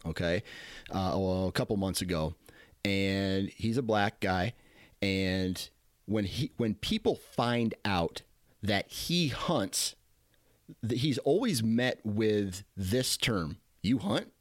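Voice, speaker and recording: A man hosting a podcast, talking in a slow, measured way with frequent fillers. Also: lowish voice, lively intonation, no room sound, studio quality. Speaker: podcast host. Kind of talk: casual interview chat.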